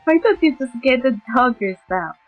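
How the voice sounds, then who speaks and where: A woman's voice: high-pitched, animated, normal speed. A woman streamer, a native Polish speaker, reading game dialogue aloud and switching between character voices. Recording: dull lo-fi mic with music behind.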